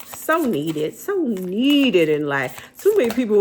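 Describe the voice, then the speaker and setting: A woman's voice: mid-range voice, big pitch swings, slow pace, hardly any pauses, darkish tone, slight background noise. A woman giving a tarot card reading straight to camera, blunt and motherly, dishing out tough love and calling the listener baby. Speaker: tarot reader, channel host.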